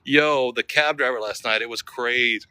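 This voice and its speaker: A man's voice: medium pitch, normal speed, pushed and bright, clear, resonant tone, dry recording. An American man in a casual, rambling travel vlog, chatting as he walks outdoors and laughing often. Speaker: travel vlogger. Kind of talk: casual walking vlog chat. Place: outdoors on a city street. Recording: city street noise with traffic.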